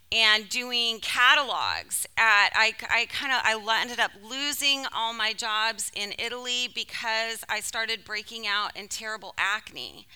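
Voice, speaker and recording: A woman from California delivering a sermon by telling a personal story in an animated, emotional way. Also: fairly high pitch, clear, resonant tone. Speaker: speaker.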